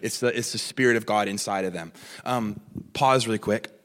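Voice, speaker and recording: A man preaching a sermon in a church, animated and conversational, with many restarts and asides. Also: lowish voice, a little fast. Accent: Australian. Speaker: pastor. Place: church auditorium. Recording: long reverb of a church hall.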